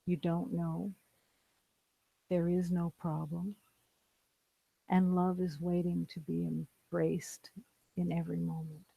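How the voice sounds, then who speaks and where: A spiritual teacher giving a slow, meditative talk in calm, repeated declarations. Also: mid-range voice, vocal fry, no room sound, low-quality recording. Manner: calm, repetitive, declarative phrasing.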